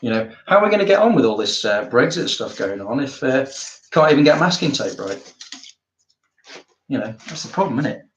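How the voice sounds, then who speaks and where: A man's voice: mid-range voice, sing-song, brisk, highs cut off. Man, artist talking as he works, dry humour; echoey studio room. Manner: chatty, wry, jokey asides. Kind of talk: casual talk while working. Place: art studio. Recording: roomy studio, faint noise.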